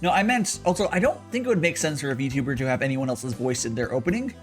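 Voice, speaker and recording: A man hosting a stream, chatting in a relaxed, rambling way and making jokes. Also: medium pitch, quick pace, soft background music. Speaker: stream host. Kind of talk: casual chat.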